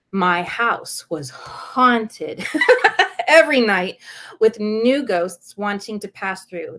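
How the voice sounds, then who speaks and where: A woman guest in a podcast interview, telling a personal story in a lively way, laughing often and acting out what others said. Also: on the low side. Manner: animated, acts out quoted voices, laughs often; self-described saucy.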